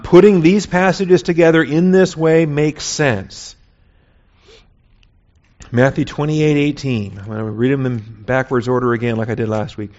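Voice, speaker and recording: Man teaching Bible class, dull lo-fi sound. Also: mid-range voice. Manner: conversational, often checks in with "all right?". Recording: dull lo-fi recording.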